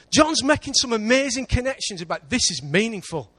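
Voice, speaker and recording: A man with an English accent preaching a sermon in church, lively, with big swings between loud and quiet. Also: very high voice, a little fast. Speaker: pastor.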